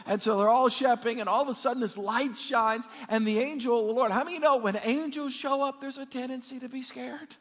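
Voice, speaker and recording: A man preaching a sermon, lively and repetitive, calling on the congregation to answer back. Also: very high voice, brisk, few pauses, in a large hall. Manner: animated, repeats words, calls on congregation to respond. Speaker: pastor.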